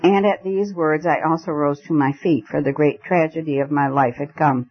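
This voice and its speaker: A man reading a story aloud in a measured, expressive narration. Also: on the high side, breathy edge. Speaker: audiobook narrator. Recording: dull lo-fi recording.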